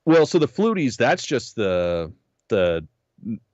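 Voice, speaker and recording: A man co-hosting a podcast in a casual, profane chat, his voice a little hoarse. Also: mid-range voice, slow pace, no room sound, muffled recording. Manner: profane, animated storytelling. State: slightly hoarse. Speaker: podcast co-host.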